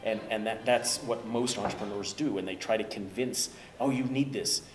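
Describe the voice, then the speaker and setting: A man's voice: on the low side, moderate pace, background noise. An older man, a business professor, explaining ideas in a jovial, self-deprecating conversational way, tagging sentences with "right?". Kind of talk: conversational teaching. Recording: echoey room with music behind.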